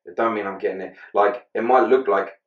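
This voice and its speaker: A man hosts a casual podcast, speaking candidly, swearing freely and acting out bits of dialogue. His voice is low. The recording is echoey, with the mic a little far off. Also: steady tone, brisk. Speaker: podcast host. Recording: echoey room, distant muffled mic.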